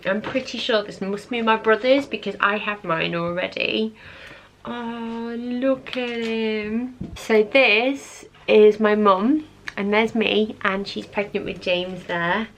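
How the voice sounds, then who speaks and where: A young woman chatting casually to camera as a vlogger. Her mid-pitched voice has a gravelly, fry-tinged edge. She talks in a chatty, nostalgic way, with plenty of "like" and "oh my gosh". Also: fairly even intonation, measured pace, fairly bright tone, a little hiss or hum.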